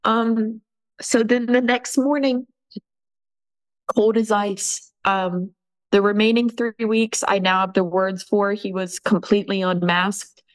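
A woman telling her own painful story as a podcast guest, halting often and restarting her sentences. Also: mid-range voice, steady tone, poor audio. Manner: halting, with many restarts and fillers. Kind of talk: emotional personal account.

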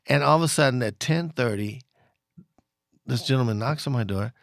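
A man spins rambling stories about his record store, stopping and restarting and chuckling as he goes. His voice sits in a middle pitch for a man. The sound is close and dry. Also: moderate pace, gravelly, no echo. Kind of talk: casual storytelling in conversation.

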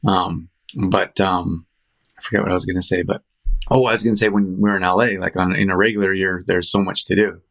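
A man hosting a show, chatting casually in a rambling, animated storytelling way with frequent restarts and fillers. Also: low voice, brisk, vocal fry. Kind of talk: casual chat.

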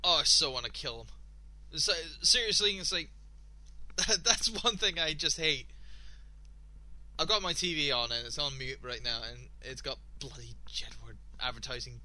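A man hosting a radio show, ranting and swearing in exasperation, his voice slightly hoarse. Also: medium pitch, normal speed, bright, forceful tone, dry recording. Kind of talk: casual solo radio talk.

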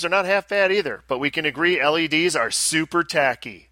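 A man's voice: fairly high pitch, animated, a little fast, hardly any pauses, sharp tone, no room sound. A man with an Australian accent, co-hosting a casual podcast and reading listener mail aloud in a chatty way. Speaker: podcast co-host.

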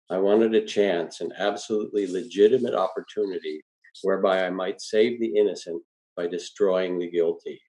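A man with a low, deep voice reads a story aloud, calm and measured. His tone is mellow and soft-edged. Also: rough recording.

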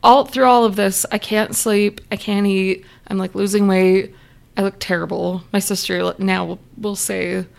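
A woman's voice: medium pitch, little pitch movement, normal speed, creaky, a little mellow. A young adult woman, an interview guest, telling a personal story in a candid, chatty way and acting out remembered dialogue.

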